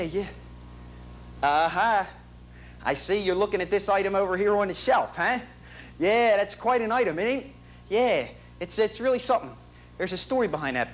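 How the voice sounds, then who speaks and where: A man's voice: high voice, slight background noise. An actor playing a chatty, boastful working-class family man in a comic stage monologue, rambling in street slang and bad grammar. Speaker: stage performer in a one-man show. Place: theater stage.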